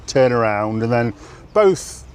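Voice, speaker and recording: Man, casual guest, halting speech, trips over names, mid-pitched voice, outdoors. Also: animated, darkish tone, clean tone. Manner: halting, searches for place names, laughs easily. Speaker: guest on a live walk. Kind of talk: casual conversation.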